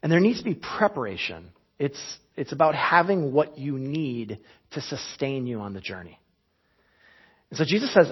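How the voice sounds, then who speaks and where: A man's voice: medium pitch, lively intonation, moderate pace, husky, lo-fi sound. A man in his thirties, a pastor giving a conversational sermon with chuckles and frequent restarts.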